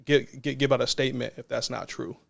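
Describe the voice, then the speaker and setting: A man's voice: mid-range voice, flat delivery, fast, creaky. A man, a non-profit co-founder, telling a personal story in a casual interview in an earnest, reflective way.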